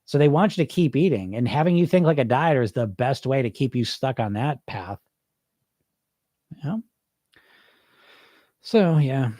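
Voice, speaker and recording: A man's voice: medium pitch, animated, moderate pace, pauses often, mellow, no room sound, clean studio sound. A man hosting a weight loss coaching podcast, talking casually and energetically with frequent restarts and asides while answering listeners live.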